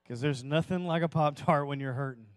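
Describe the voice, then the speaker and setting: A man preaching a sermon to a church audience, telling a personal story that swells into impassioned pleading and drops to hushed, slow emphasis. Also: a little high, smooth, no room sound. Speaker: pastor.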